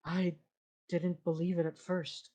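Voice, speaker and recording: Game master as a calm disembodied spirit. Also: mid-range voice, pitched above the performer's own voice, lightly acted. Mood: tender. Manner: soft, halting, stammers with emotion. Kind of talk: game master voicing a character.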